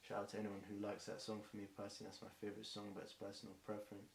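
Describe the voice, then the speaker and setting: A British freestyle rapper, his voice on the low side with vocal fry, rattles off a long improvised rhyme very fast with a completely flat delivery. He rambles and ums often. The echoey room has a faint hiss.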